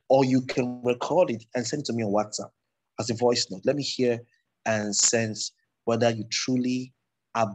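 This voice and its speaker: A man with a Nigerian English accent gives a public speaking lesson in a husky, slightly breathy voice at an ordinary middle pitch. He explains in a loose, digressive way, restarting sentences as he goes. It sounds like a recorded lecture. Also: rough recording.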